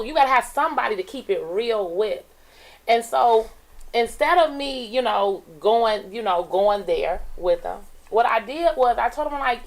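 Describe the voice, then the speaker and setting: Woman, middle-aged, teacher, lively storytelling, slightly higher voice. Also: low-quality recording. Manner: animated, acts out dialogue in her stories. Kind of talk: casual storytelling on a radio talk show.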